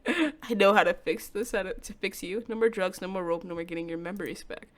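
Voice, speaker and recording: A woman voicing a soft-spoken, obsessive young man from a game, reading his lines aloud in a low, hushed, coaxing delivery. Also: brisk, close to an everyday voice. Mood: menacing.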